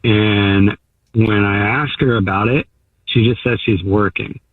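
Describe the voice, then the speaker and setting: A man's voice: on the low side, steady tone, measured pace, no echo. A man calling in to a radio show, telling his story hesitantly with fillers and restarts. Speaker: caller. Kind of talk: phone-in account to a radio show. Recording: tinny phone line.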